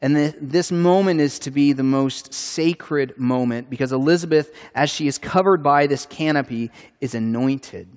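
A male pastor preaches in an earnest, conversational way, now and then restarting a phrase as he builds his point. His voice sits at an ordinary middle pitch. A long reverb trails off each line, as in a large church sanctuary. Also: normal speed, hardly any pauses, a little mellow. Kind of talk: sermon.

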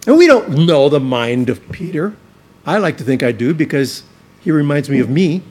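A man with a slightly higher voice preaches a sermon from the pulpit. He speaks earnestly and emphatically, stretching out the words he wants to stress. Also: big pitch swings, normal speed, darkish tone, a little hiss or hum. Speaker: pastor.

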